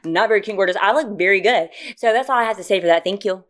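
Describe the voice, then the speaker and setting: A woman in casual podcast chat, telling stories loudly and profanely, with sudden shrieks of laughter. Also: mid-range voice, very fast. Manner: loud animated storytelling, profane, bursts into shrieking laughs. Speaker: podcast co-host.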